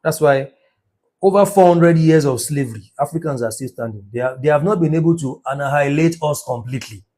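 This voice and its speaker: A middle-aged man delivers an impassioned lecture on business numerology, drawing out words for emphasis and posing rhetorical questions. His voice is a little high and mellow, and he speaks briskly.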